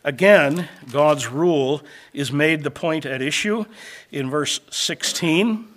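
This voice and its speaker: A man preaches a sermon that works through scripture, alternating loud, emphatic lines with quiet, low asides and slowing down to stress key phrases.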